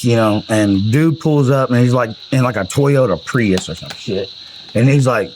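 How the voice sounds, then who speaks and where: A man's voice: mid-range voice, moderate pace, a little hiss or hum, rough recording. A man, telling rambling, profane stories about his music in a casual way. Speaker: country singer telling album stories. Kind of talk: casual storytelling.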